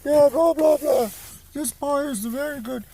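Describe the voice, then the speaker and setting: A chatty, prim old English lady, put on by a man telling a story, with a high, thin voice. She prattles and scolds in a fussy way. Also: a little slow, warm tone, poor audio.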